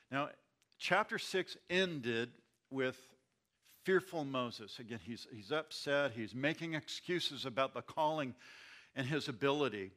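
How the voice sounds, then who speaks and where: A man's voice: mid-range voice, expressive, a little slow, a bit bright. A man who is a pastor leading a Bible study, often repeating words and restarting phrases as he explains.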